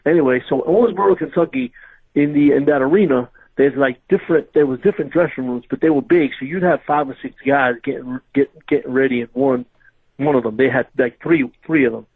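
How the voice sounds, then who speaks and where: Here a retired pro wrestler with a mid-range, slightly rough voice speaks briskly, sharing backstage anecdotes in a casual interview. He's an animated narrator who laughs throughout, and the audio has a tinny phone-line quality.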